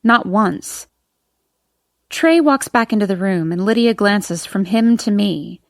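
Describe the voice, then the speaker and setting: First-person audiobook narrator: woman, expressive, mid pitch, dry close studio sound. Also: takes it slowly, no room sound.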